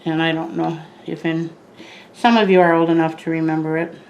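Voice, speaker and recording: A woman's voice: low-pitched, level tone, fairly quick, darkish tone, dull audio, slight background noise. An older woman chatting casually to the camera as a plant vlogger, rambling with lots of asides and self-corrections.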